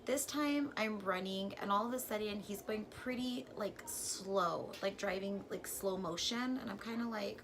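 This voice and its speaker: A woman vlogger telling a personal story in a casual, chatty way, full of "like" and with sudden jumps from quiet to loud. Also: medium pitch, moderate pace, hardly any pauses, background noise. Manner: chatty and filler-heavy, says "like" constantly; animated, with sudden swings from hushed to loud.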